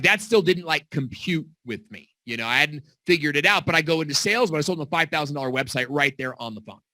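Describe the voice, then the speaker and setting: Man, middle-aged, bright voice, slightly high, animated storytelling coach, dry close sound. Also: dry recording. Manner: energetic, animated storytelling with acted quotes. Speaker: video marketing coach. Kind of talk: casual teaching talk. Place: home basement studio.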